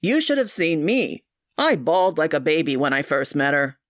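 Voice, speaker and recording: An easygoing young man, voiced by a woman, joking and relaxed. The sound is dry and close. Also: sits low, moderate pace, no room sound, voice pushed down.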